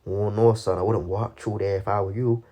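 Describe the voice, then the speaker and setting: An old countryside farmer, done by a man in a passing impression speaks with a rough Irish lilt and a slight whistle in his voice. His voice sits fairly low, and the warning comes out calm and fatherly. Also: normal speed, close to an everyday voice. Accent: Irish, loosely imitated.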